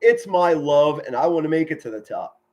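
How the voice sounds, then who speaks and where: A middle-aged man giving excited live football play-by-play from home, shouting big plays and chatting warmly with his viewers. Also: fairly high pitch, brisk. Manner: enthusiastic, yells touchdown calls, chatty and sentimental with viewers. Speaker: amateur play-by-play commentator streaming live.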